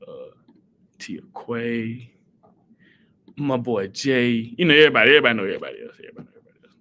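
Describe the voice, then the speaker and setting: A man hosting a casual live stream, reading viewer comments aloud and giving shout-outs in an animated way. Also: mid-range voice, a little hiss or hum.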